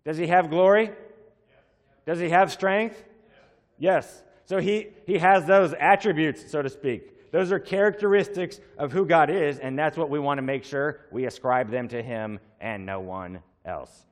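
A man preaching a sermon, explaining slowly and repeating words for emphasis. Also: on the high side. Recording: long hall reverb.

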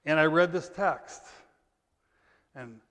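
A man preaching a sermon in a conversational way, reading scripture loudly and emphatically, then dropping to quiet asides. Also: fairly high pitch, takes it slowly. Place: church sanctuary. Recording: long church reverb.

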